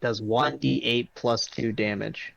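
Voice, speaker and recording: A man's voice: medium pitch, fairly even intonation, slow pace, creaky, a bit bright. A man playing a tabletop game who jokes, swears and talks through his moves as he goes. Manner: playful, swearing, thinking aloud. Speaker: player. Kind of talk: casual tabletop game chat.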